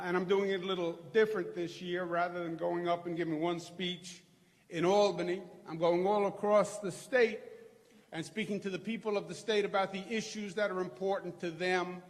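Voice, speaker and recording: A middle-aged man from New York with a Queens accent, giving a rousing, folksy political rally speech as governor to a crowd. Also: high-pitched. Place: large hall before a crowd. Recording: long hall reverb.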